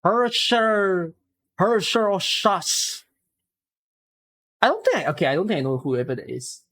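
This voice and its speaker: Excitable Singaporean woman streamer. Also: a bass voice, rapid-fire, husky. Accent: Singaporean English. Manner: excitable, gushing exclamations, rambling. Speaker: live streamer. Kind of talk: casual live-stream chat with viewers.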